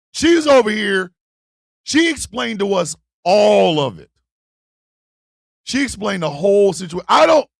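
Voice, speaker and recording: Animated gravelly-voiced man telling a story. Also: high-pitched, no room sound, studio quality. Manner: animated, profane, acts out voices in his stories. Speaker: podcast host. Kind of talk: comedic storytelling.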